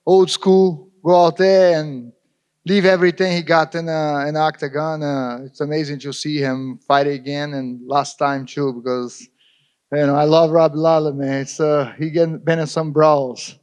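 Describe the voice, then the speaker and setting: A man on a fighters' panel answering in halting, loosely built English. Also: on the high side, level tone, a little mellow, clean tone. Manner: halting, non-native grammar.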